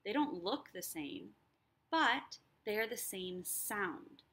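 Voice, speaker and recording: A woman teacher explaining a lesson, sounding out words slowly and clearly. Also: medium pitch, sing-song, fairly bright tone. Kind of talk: recorded lesson.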